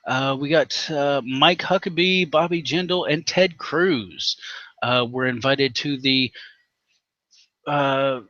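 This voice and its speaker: Bright-voiced man ranting profanely. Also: mid-range voice, slow, no room sound, muffled recording. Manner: emphatic, profane, heated. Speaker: host. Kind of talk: profane opinion rant.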